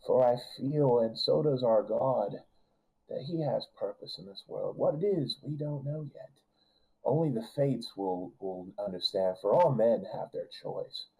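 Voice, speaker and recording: A man voicing a gentle, wise goddess who speaks softly and knowingly in a tabletop game. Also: mid-range voice, vocal fry, husky, rough recording.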